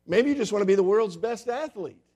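Pastor guy preaching, slightly high voice, tells stories and does the voices. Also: brisk. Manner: storytelling with lively quoted voices. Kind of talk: sermon.

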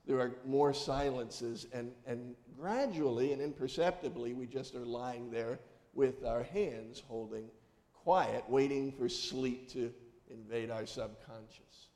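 A pastor delivers a conversational sermon, spinning folksy, humorous stories and asking the congregation questions. His medium-pitched voice is slow and a little mellow, with the long reverb of a large hall around it.

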